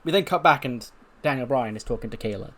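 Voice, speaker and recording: A man's voice: mid-range voice, expressive, fast, fairly bright tone. A young man casually narrating a game playthrough in a rambling, offhand way, swearing now and then. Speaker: let's-play narrator.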